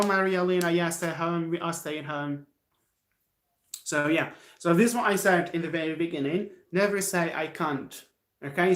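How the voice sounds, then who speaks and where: A man with an Algerian accent teaches English on a live stream from home, encouraging his viewers and circling back over the same points. His voice sits a little high for a man. The room around him is echoey. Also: a bit bright. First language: Algerian Arabic. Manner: encouraging, repeats himself, answers chat.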